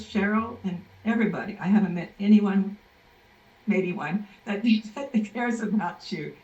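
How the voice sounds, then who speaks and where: A woman's voice: mid-range voice, a little mellow. Middle-aged woman, heartfelt emotional testimonial; distant, roomy, dull recording. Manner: heartfelt, effusive, apologetic. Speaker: guest giving a testimonial. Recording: echoey, distant, dull sound.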